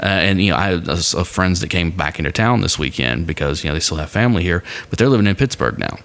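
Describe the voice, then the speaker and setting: A man's voice: low-pitched, lively intonation, quick pace, creaky, a bit bright. A man co-hosting a casual podcast chat, rambling with lots of fillers and restarts. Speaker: podcast co-host. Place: home studio with his dog nearby.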